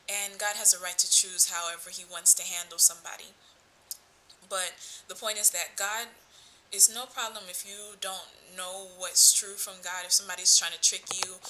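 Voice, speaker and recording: A woman's voice: medium pitch, pushed and bright, a little hiss or hum, rough recording. A woman hosting a casual Bible talk, rambling, losing her thread and searching aloud for her point. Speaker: Bible study host.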